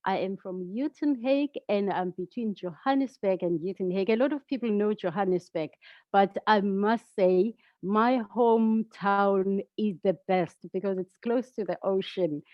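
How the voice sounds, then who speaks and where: A South African woman speaks over a video call, taking her time as she explains sounds step by step. Her voice comes through dry and a little dull. Her pitch sits in the middle range for a woman. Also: unhurried, dry recording. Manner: patient, teaching pronunciation step by step. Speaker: guest, founder. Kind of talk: casual video call conversation.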